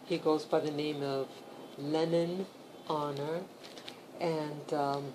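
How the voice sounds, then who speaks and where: A woman talks slowly to her camera from bed at home, her voice set a little low. She stumbles, restarts and fills pauses with ums. A loud steady hiss sits under the whole recording. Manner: slow, halting, many fillers and restarts. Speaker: vlogger. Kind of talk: casual talk to camera.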